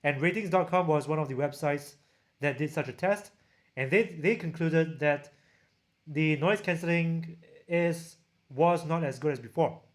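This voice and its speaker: A man with a Singaporean accent chats casually with viewers on a livestream, picked up by a camera-mounted shotgun mic. His voice sits slightly high. He often stops, restarts and corrects himself mid-sentence while reading comments aloud. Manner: reads chat aloud, halting with restarts. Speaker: tech reviewer hosting a livestream.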